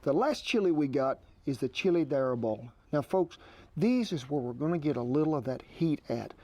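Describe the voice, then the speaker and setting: A man's voice: on the high side, lively intonation, moderate pace, dark tone. A man hosting a cooking show, walking through a recipe in a folksy, homespun drawl.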